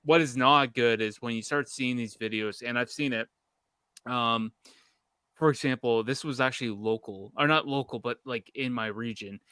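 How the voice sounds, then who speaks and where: A man's voice: mid-range voice, normal speed, bright, forceful tone, smooth, no echo. A man from Canada hosting a casual podcast, rambling in a heated, profane way. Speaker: podcast host.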